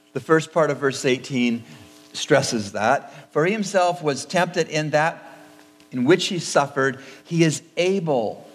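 A man preaching a sermon as pastor, in a measured, repetitive cadence in a church sanctuary. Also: mid-range voice, long reverb tail.

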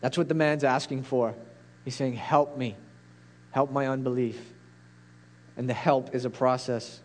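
A man's voice: mid-range voice, fairly even intonation, a little slow. A man preaching a sermon as a pastor, earnest and pleading, building to intense peaks.

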